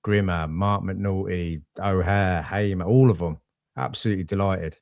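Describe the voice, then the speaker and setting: Excitable matey man on a football podcast. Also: deep voice, normal speed, gravelly, dry recording, lo-fi sound. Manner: excitable, matey, says "mate" a lot. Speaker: podcast co-host. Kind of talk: casual football podcast chat.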